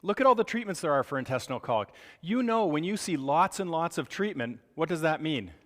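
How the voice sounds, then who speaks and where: Animated joking man lecturing in a hall. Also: a little high, fairly quick. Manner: animated, joking, acts out crying parents. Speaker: medical lecturer. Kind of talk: live lecture to clinicians.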